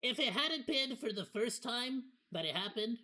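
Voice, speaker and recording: Bright-toned streamer reacting to clips, keeps restarting sentences, gets heated. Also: medium pitch, animated. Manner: halting, repeats words while thinking; indignant, argumentative. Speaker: VTuber streamer hosting a watch party. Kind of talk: casual reaction commentary.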